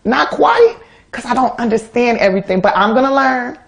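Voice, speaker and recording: A woman in her thirties with an American accent, a guest in an interview, talking in a lively way and laughing often. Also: a little high, brisk. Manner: animated, laughs often, acts out quoted voices. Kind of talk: casual interview talk.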